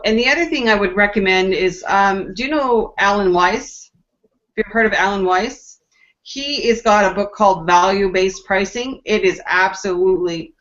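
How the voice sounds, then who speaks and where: A woman with a medium-pitched, slightly bright voice speaks as a panelist in a casual group discussion, explaining her point with plenty of examples. She's on a video call, and the audio is dull and lo-fi.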